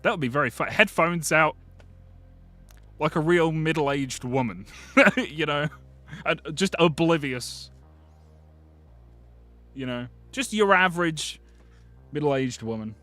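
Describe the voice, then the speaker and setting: Lively, excitable British man streaming. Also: on the high side, slow, pauses often, no echo, faint music behind. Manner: excitable, chatty, swears casually, reads out chat messages. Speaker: livestream host. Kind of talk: casual live-stream chat with viewers.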